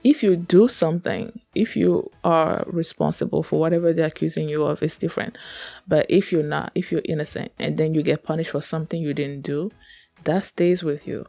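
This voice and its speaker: A woman's voice: sits low, steady tone, moderate pace, vocal fry, dark tone, no echo. A woman hosting a reaction video, telling a personal story in an earnest, emotional, rambling way with many fillers. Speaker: reaction channel host.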